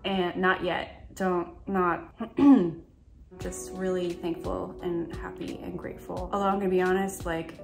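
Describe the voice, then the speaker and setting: A woman's voice: lowish voice, level tone, measured pace, gravelly, faint music behind. A young woman talking casually to camera about her partner, chatty and heartfelt, laughing through tears. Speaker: girlfriend telling their story. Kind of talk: casual direct-to-camera talk.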